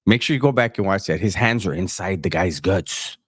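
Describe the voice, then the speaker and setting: A man's voice: deep voice, a little fast, husky, no room sound, clean studio sound. A man, the host, ranting in a profane, joking way during casual chat.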